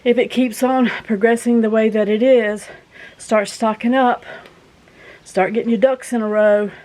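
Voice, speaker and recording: A woman's voice: fairly high pitch, fairly even intonation, unhurried, warm tone, poor audio. A woman, chatting casually to her viewers in a folksy, rambling, earnest way. She is out of breath after walking in from her garden outdoors. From southern United States. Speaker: vlogger host.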